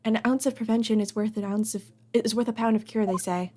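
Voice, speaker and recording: A woman voicing a composed, earnest young woman exhibition manager in a video game read-through, measured and formal. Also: on the high side, steady tone, mellow, a little hiss or hum, natural voice.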